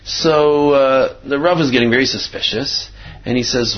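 A Torah teacher tells a story in a rambling way, his mid-range male voice moving at a moderate pace. He fills his talk with fillers and acts out the quotes as he teaches. The recording is dull and lo-fi.

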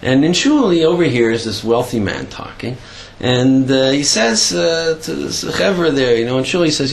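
A man, a rabbi, telling a story in a sermon, halting and often clearing his throat. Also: mid-range voice, lively intonation, poor audio.

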